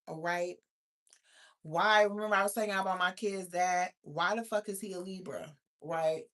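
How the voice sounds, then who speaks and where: This livestream host, a woman in her thirties, speaks a little slowly in a medium-pitched voice, talking straight to her viewers. Reading their comments, she reacts with blunt, profane and highly animated ranting.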